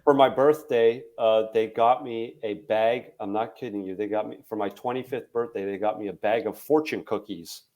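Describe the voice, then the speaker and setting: Animated young man telling stories. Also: fairly low pitch, normal speed, hardly any pauses. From Canada. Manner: animated storyteller, acts out friends' voices. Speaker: guest comedian. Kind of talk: casual podcast storytelling. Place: podcast studio.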